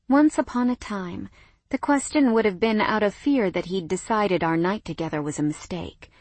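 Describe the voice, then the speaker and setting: A young adult woman narrating a first-person romance audiobook in a soft, intimate voice that often drops to a whisper. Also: mid-range voice, animated, normal speed, no echo.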